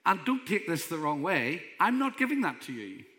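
A man's voice: fairly high pitch, huge pitch swings, moderate pace, bright, forceful tone. A man preaching a sermon as pastor, emphatic and conversational. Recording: long hall reverb.

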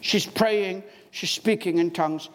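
A man's voice: high voice, measured pace. A man preaching a sermon in a church, emphatic and storytelling, with wide swings in his voice. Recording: long hall reverb, faint background noise.

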